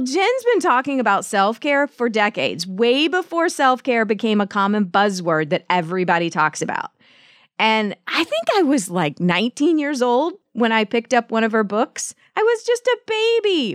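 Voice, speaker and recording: A Southern-accented woman in her forties hosts a podcast, her voice sitting a little high and swooping all over the place as she gushes and exclaims. She sounds close and dry on the mic, with no room around her. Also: no room sound. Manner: gushing, exclamatory. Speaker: podcast host. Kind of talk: upbeat podcast interview.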